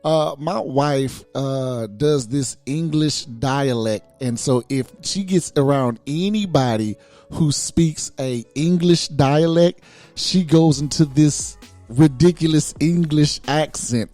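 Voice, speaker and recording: A man's voice: a little high, slow pace, a little mellow, soft background music. A man co-hosting a podcast in casual, slangy chat, telling stories and laughing often. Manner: laughing, storytelling, loose slangy talk. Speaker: podcast co-host; boss at work, married father.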